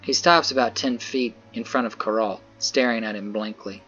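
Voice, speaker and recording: Man narrating a story over soft music. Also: fairly low pitch, fairly even intonation, moderate pace, breathy edge, muffled recording. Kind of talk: first-person visual novel narration.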